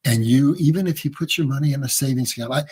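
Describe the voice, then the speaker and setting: A man with a husky voice speaking as an interview guest, explaining in a folksy, emphatic way and addressing listeners as "folks.". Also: mid-range voice, quick pace, a little mellow. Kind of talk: casual explanatory interview talk.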